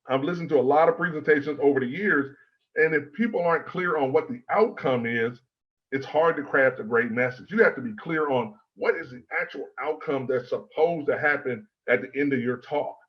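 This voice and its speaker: Measured, emphatic male presentation coach. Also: mid-range voice, highs cut off. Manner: measured and emphatic, lists in threes. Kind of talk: prepared presentation.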